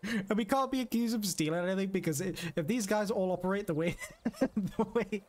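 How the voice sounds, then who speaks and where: Excitable man with a higher voice. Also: fairly quick. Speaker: roleplay streamer. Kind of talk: casual gaming chat.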